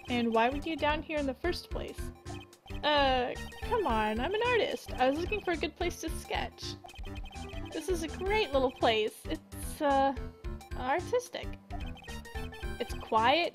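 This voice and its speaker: A woman's voice: high-pitched, poor audio. A woman reading the part of a goofy, lovesick young man who whines and dramatizes. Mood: sheepish.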